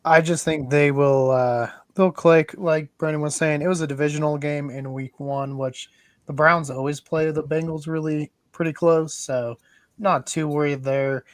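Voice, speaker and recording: Man, sports podcast host, relaxed, slightly high voice, dry close sound. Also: moderate pace, dry recording. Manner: relaxed, moves the picks along. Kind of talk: casual sports chat.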